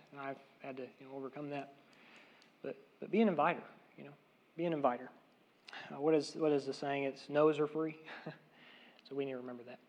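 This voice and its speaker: Earnest preacher man, lo-fi sermon. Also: on the high side. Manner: earnest, repeats key phrases, swings between loud emphasis and soft asides. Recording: dull, lo-fi sound.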